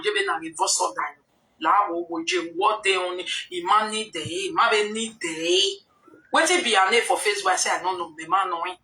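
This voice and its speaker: A woman's voice: medium pitch, pushed and bright. A woman with a Nigerian accent telling a rambling story to her followers in a casual live video, often quoting what others said. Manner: rambling, conversational, slips into quoted dialogue. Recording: roomy echo, distant from mic.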